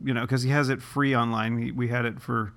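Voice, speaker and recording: A man's voice: medium pitch, flat delivery, fairly quick, fairly bright tone. A man co-hosting a podcast, rambling and hesitant in casual chat, swearing freely. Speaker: podcast co-host.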